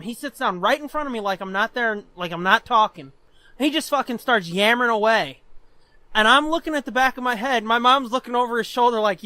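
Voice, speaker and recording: A man in his twenties co-hosting a podcast, telling stories in an animated, profane way and laughing often. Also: extremely high pitch, dry recording. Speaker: podcast co-host. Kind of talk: casual chat, storytelling.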